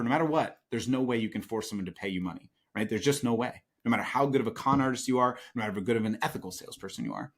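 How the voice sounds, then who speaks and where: A man speaking as a guest and sales coach in an interview, emphatic, often asking "right?". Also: mid-range voice. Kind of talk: conversational interview.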